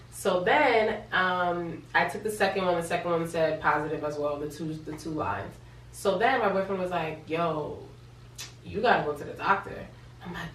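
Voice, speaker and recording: A pregnant young woman in a casual vlog, retelling her story in an animated, chatty way with lots of quoted dialogue. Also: fairly low pitch, roomy sound, recorded from a distance, slight background noise, rough recording. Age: young adult. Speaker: vlogger.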